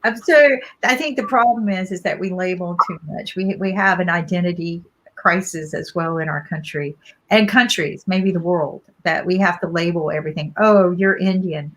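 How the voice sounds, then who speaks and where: A woman's voice: lowish voice, normal speed, a bit bright, rough recording. A middle-aged woman co-hosting a podcast, telling stories in a reflective, conversational way and often checking in with listeners. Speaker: podcast co-host. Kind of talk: casual podcast talk.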